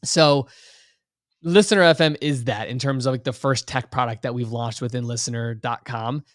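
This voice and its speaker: A man's voice: mid-range voice, fairly even intonation, normal speed, dry recording. A young man in his twenties talks with eager energy as a podcast guest. He rambles in long sentences full of "like" and "you know". The recording is dry and close. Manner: enthusiastic, long-winded, heavy on "like" and "you know". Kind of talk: casual interview talk.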